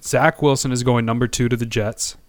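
A man chatting on a sports podcast, with a middle-pitched voice. He rambles, fills gaps with "uh" and pokes fun at himself. The sound is dry and close. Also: steady tone, no room sound. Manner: rambling, halting, self-deprecating. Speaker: podcast co-host. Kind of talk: casual sports podcast chat.

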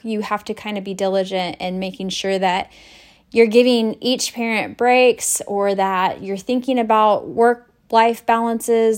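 Woman, nursing instructor, casual lecture, conversational, fillers and restarts, mid-pitched voice. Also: darkish tone. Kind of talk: informal recorded lecture.

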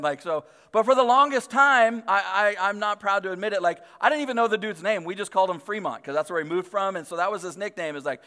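A man in his thirties preaching in a loose, conversational way, his voice sitting a little high for a man. He strings his thoughts together with fillers and quick restarts. Long reverb from a large hall trails after each phrase. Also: pushed and bright, clean tone. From Northern California. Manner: chatty, filler-heavy, self-deprecating. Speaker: pastor. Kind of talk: casual storytelling sermon.

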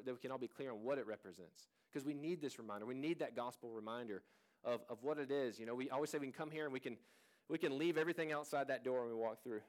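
A man in his thirties preaches to his congregation in a relaxed, conversational way. His voice sits at an ordinary middle pitch, and he talks earnestly, circling back and restarting phrases as he goes. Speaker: pastor. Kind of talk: sermon.

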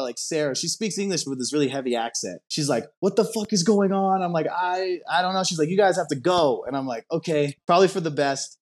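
A man telling a long story in casual podcast chat, rambling and animated with lots of fillers. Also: a little high. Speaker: storyteller guest.

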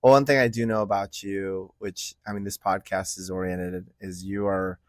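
Low-voiced man hosting, dry sound. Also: flat delivery, no echo. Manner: halting, repeats words, laughs along. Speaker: podcast host. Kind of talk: casual interview chat.

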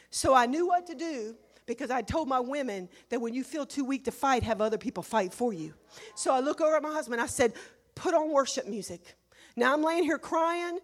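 A woman preaches in a church, her voice sitting high. She tells her story with strong emotion, dropping to near hushes and then surging to loud, emphatic peaks. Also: lively intonation, brisk. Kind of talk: sermon with personal testimony.

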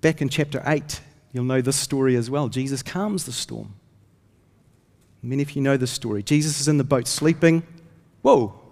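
A man's voice: mid-range voice, moderate pace, gravelly, darkish tone. Aussie pastor guy preaching, earnest storyteller, big church reverb. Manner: earnest storytelling, rises when reading scripture. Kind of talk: sermon. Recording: long hall reverb.

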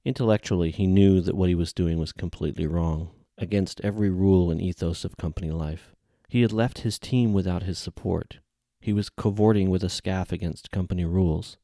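A man reading a novel aloud in measured, even audiobook narration. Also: low-pitched, dry recording, studio quality.

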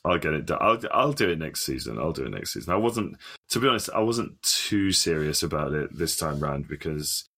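A man's voice: a bass voice, sing-song, a little fast, gravelly, hardly any pauses, sharp tone, breathy edge. A man co-hosting a podcast in casual banter, swearing a lot and laughing often. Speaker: podcast co-host.

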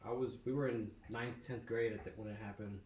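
A man's voice: on the low side, steady tone, fairly quick, darkish tone. A young man telling a long, profane story on a casual podcast. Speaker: podcast host. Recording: echoey room with faint noise.

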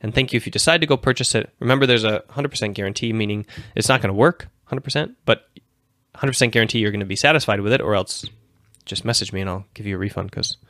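A man's voice: lowish voice, quick pace, a bit bright, dry recording, clean studio sound. A man in his thirties hosting a livestream show, talking casually in a rambling, self-correcting way. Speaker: host.

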